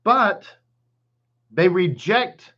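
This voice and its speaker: A man's voice: sits high, lively intonation, extremely slow, sharp tone, muffled recording. A man with a Texan accent, a rabbi giving a casual online Torah class, greeting viewers by name and chatting freely. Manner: chatty, greets viewers by name, hums and laughs between thoughts.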